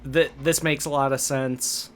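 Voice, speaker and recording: A man's voice: medium pitch, steady tone, a little slow. A man running a tabletop game on a live stream, explaining lore in a loose way with many fillers. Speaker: game master.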